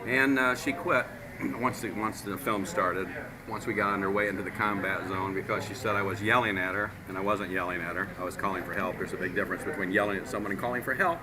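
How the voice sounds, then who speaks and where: A filmmaker talking emphatically to the camera, exasperated and insistent. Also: male voice, fairly low pitch, quick pace. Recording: crowd noise behind. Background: crowd chatter.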